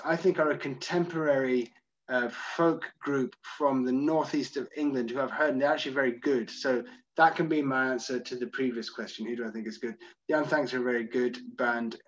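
Reading out viewer comments and answering them in a loose, chatty way, a Scottish host leads an online music tour. He has a medium-pitched voice, captured with lo-fi sound.

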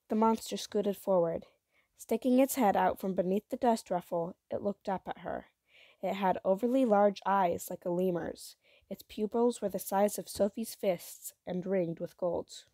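Soft-toned woman reading a story. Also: medium pitch, a little slow, no echo, clean studio sound. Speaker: reader. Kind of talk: reading a book chapter aloud.

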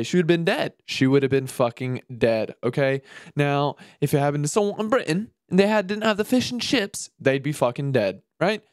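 A man's voice: mid-range voice, no echo, clean studio sound. A man hosting his own podcast, ranting casually and crudely, mocking things and putting on silly voices. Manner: profane, animated, mocking, puts on silly voices. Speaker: podcast host. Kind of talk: casual solo comedic rant.

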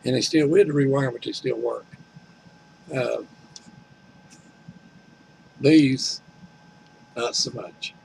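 A man's voice: medium pitch, takes it slowly, gravelly, long pauses, a little mellow, slight background noise, poor audio. An older man, telling a rambling, complaining story at home and retelling conversations in a folksy way. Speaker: vlogger.

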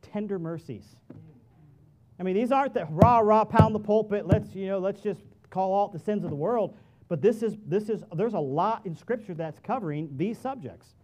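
A middle-aged pastor with a notably high voice, preaching to his church. He talks to the congregation like a friend, drops to quiet asides, then climbs to loud, emphatic peaks. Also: moderate pace. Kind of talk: sermon. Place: church sanctuary.

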